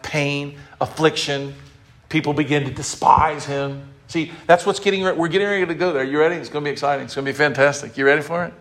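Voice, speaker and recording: A man preaching an emotional sermon, slowly reading scripture aloud and leading the congregation in call-and-response. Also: fairly high pitch, a bit bright. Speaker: pastor.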